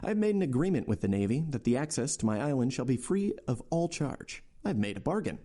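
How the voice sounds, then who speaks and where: A worldly, commanding nobleman with a lifted, sweeping delivery, as a man reading a storybook puts him on. His tone is mellow and smooth, and he speaks as one who knows every secret of the heart. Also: mid-range voice, sing-song, quick pace, pitched above the performer's own voice. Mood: genial.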